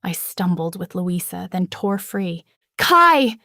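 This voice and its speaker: A woman reading a first-person fantasy novel aloud in a dramatic, expressive way. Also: mid-range voice, unhurried, no echo, clean studio sound. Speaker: audiobook narrator.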